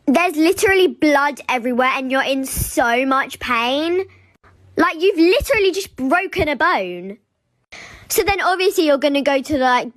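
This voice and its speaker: A woman's voice: high voice, no room sound. A woman ranting in an exasperated, sarcastic storytime. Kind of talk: comedic storytime rant.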